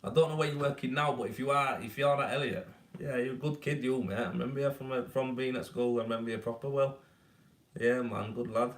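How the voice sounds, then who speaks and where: A man's voice: medium pitch, fairly quick. A man with a Yorkshire accent, chatting casually and matily to viewers on a live stream about his rendering work. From Yorkshire, England. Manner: laid-back, matey, rambling. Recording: echoey room, mic at a distance.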